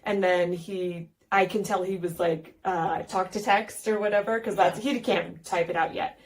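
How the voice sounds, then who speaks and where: A woman in a casual chat, retelling a child's message with chuckles and quick agreement. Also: lowish voice. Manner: warm, lively retelling with chuckles and backchannels.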